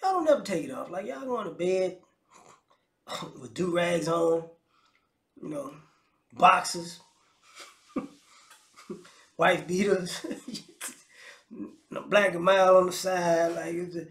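A man's voice: high-pitched, lively intonation, measured pace, creaky, pauses often, fairly bright tone. A man giving a casual comedic rant on video, mocking and incredulous, often laughing and stumbling over repeated words. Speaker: commentary vlogger. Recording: roomy echo.

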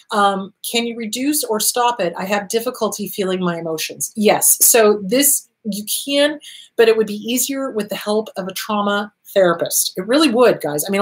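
A woman therapist hosting a talk show, answering viewer questions in an earnest, reassuring way and repeating her key points. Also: medium pitch.

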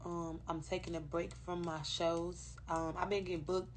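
A woman's voice: on the low side, little pitch movement, normal speed, slight background noise. A woman chatting loosely and profanely to fans on a livestream, recorded on a phone. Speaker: rapper on a livestream. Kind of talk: casual livestream chat to fans.

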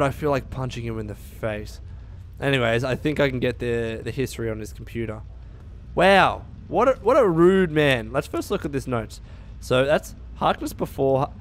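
A man giving casual, profane gameplay commentary, excitable and quick to laugh. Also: medium pitch. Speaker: let's play gamer.

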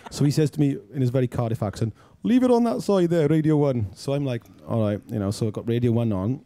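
Welsh-raised male director, quick chatty storyteller, dark timbre, dry close sound. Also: medium pitch, no room sound. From Wales. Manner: animated storyteller who acts out quoted dialogue. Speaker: film writer-director, guest. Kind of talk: anecdotal interview storytelling.

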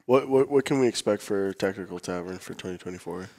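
A man's voice: deep voice, fast talker, darkish tone. A man co-hosting a podcast, putting questions to a guest with hesitant restarts. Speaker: podcast co-host. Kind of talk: casual interview questions.

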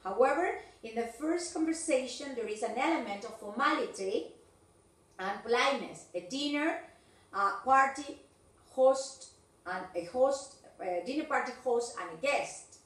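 A woman's voice: sits high, animated, unhurried. A woman teaching an English class. She keeps checking understanding with "yes, okay?". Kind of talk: online class instruction. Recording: echoey room, distant mic.

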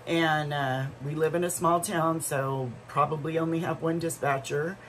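A woman's voice: low voice, fairly even intonation, normal speed, fairly bright tone, slight background noise, rough recording. A middle-aged woman vlogger telling a story in a casual, rambling way, full of asides and restarts.

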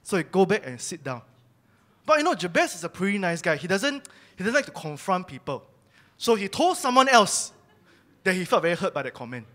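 High-voiced man giving candid church testimony. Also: very animated, fairly quick, a bit bright. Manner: candid, confessional storytelling. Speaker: church speaker sharing testimony. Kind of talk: personal testimony sermon.

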